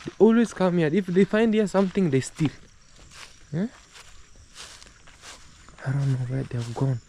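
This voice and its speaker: A man's voice: on the high side, expressive, normal speed, vocal fry, warm tone, a little hiss or hum. A man vlogging outdoors as he walks his home farm, talking in a loose, rambling way with many fillers and repeated phrases. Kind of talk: casual walk-and-talk vlog.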